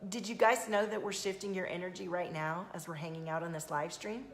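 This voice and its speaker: A woman's voice: lowish voice, fairly even intonation, a little fast, roomy sound, faint music behind. Soothing woman coach on a live stream. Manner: chatty, addresses viewers by name. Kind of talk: casual live-stream talk.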